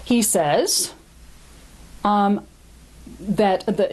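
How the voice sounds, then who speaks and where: A woman's voice: medium pitch, lively intonation, unhurried, darkish tone. A woman giving a recorded lecture on classical poetry, explaining thoughtfully and correcting herself as she goes. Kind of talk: recorded lecture with Latin readings.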